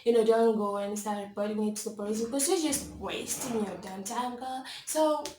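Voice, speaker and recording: A young woman from Kenya telling a story to her camera in a casual, animated way, laughing often and filling with "like" and "you know". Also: a little high, a little fast, reverberant, background noise. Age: young adult. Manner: animated, dramatic, laughs often, many likes and you-knows. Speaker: vlogger.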